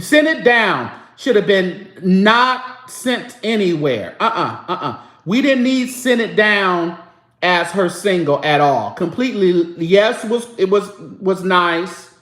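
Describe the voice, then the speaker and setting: Host, man, high voice, unhurried, chatty gospel-music talk with sung snippets, echoey room. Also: sing-song, fairly bright tone. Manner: chatty, breaks into snatches of singing. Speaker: show host. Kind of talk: casual live-stream chat about gospel music.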